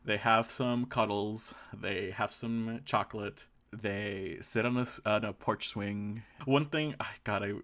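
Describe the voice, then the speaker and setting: A man's voice: on the low side, steady tone, unhurried, a bit bright. A man co-hosting a podcast, chatting casually and gushing about a story he loved, laughing often. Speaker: podcast co-host. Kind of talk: casual chat about fan fiction.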